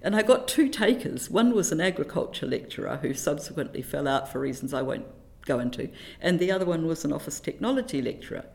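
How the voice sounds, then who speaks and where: A middle-aged woman from New Zealand talks about teaching in a relaxed interview. Her voice sits a little low, and she tells stories in an animated, self-deprecating way, often reaching for a quote or a saying. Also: fast talker, vocal fry. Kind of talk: reflective conversational interview.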